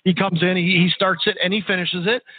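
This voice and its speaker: A man talks fast and a bit huskily as an interview guest, tripping over restarts as he rushes on. His voice sits slightly high and comes through a narrow, phone-like line. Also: little pitch movement, husky, no echo. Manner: quick, halting with many restarts. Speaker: guest, mortgage company sales leader.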